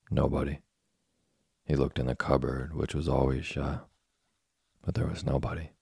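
A man reading a classic children's story aloud as a slow, soft, monotone sleep story. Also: a bass voice, gravelly, slightly rough, dry recording, studio quality. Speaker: narrator. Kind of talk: scripted sleep story narration.

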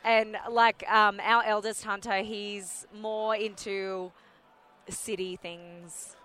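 A woman's voice: mid-range voice, level tone, takes it slowly, bright, forceful tone, clear, resonant tone. A chatty woman in her forties with an Australian accent, talking as a guest in a casual interview and rambling with lots of fillers.

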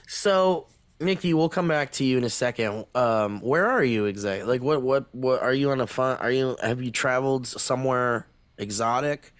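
A man's voice: medium pitch, moderate pace, no echo. Giggly, swearing podcast host man. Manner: profane, giggly, reads chat aloud. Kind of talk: casual live-stream chat.

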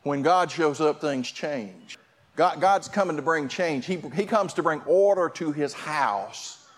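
Impassioned preacher man, high voice. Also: measured pace. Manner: impassioned preaching, with repeated words and restarts. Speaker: pastor. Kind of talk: sermon.

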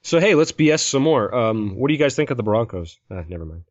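A man's voice: medium pitch, big pitch swings, quick pace, dry recording, highs cut off. A man rambling and joking in a casual podcast chat with friends.

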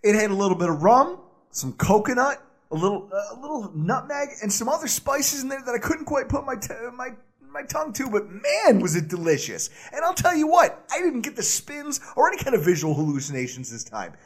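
A man co-hosts a casual sports podcast, ranting and riffing with big energy. His voice sits high and leaps wildly up and down. A husky edge runs through it. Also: fairly quick. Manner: loud, animated, ranting. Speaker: podcast co-host.

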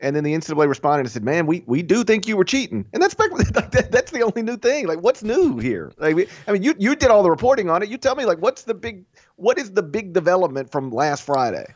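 A man's voice: high-pitched, quick pace, no echo. Sports podcast guy ranting, voice jumps around a lot, kinda muffled lo-fi audio. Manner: animated, opinionated, frequent restarts, mock voices. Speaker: podcast host. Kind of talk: casual sports talk. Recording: dull lo-fi sound.

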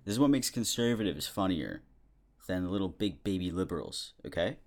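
Low-voiced chatty young man. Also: expressive, normal speed. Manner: rambling, chatty, chuckles often. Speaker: podcast host. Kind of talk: casual comedic monologue.

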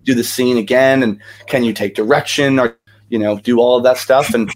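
Young male guest, lively storyteller, natural filler-heavy chat, average pitch. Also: brisk. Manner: energetic, chatty storyteller with many fillers. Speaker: podcast guest, actor and singer. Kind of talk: casual interview chat.

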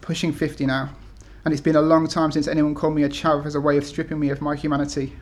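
Hesitant man in his thirties, slightly high voice. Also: little pitch movement, quick pace. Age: 30s. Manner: hesitant, many ums and restarts. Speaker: author reading at a talk. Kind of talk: casual talk then reading aloud from his essays. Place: event room with an audience.

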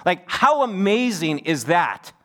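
Middle-aged male pastor, high voice, preaching with big swings in pitch. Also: very animated, slow, pushed and bright. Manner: wide pitch swings, rising to emphatic peaks. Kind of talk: sermon.

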